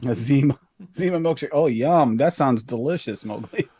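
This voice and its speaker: A man's voice: medium pitch, normal speed, mellow, slightly rough. A man co-hosting a casual livestream, dropping dry wisecracks. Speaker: co-host.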